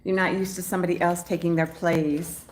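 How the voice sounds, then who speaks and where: A woman's voice: lowish voice, little pitch movement, a little fast, a little hiss or hum. A woman vlogger chatting casually to camera at home in the morning, rambling and often laughing. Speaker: travel vlogger.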